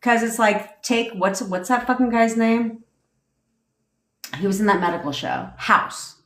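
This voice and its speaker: A woman's voice: on the high side, measured pace, a bit bright, reverberant. A woman who coaches manifestation, chatting casually on a livestream and reading out comments, with a lot of swearing, rambling asides and frequent laughter. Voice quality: profane, rambling, laughs often.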